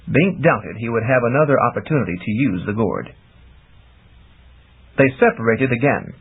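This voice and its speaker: A man narrates a fantasy audiobook in a husky voice. His pitch rises and falls expressively. The recording is thin and narrow, like a phone line. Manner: lively, expressive reading.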